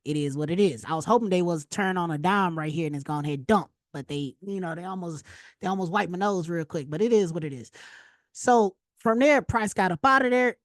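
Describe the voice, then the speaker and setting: Woman trading instructor, low voice, dry close sound, slangy, animated storytelling. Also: brisk, no room sound. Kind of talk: casual screen-share trading lesson.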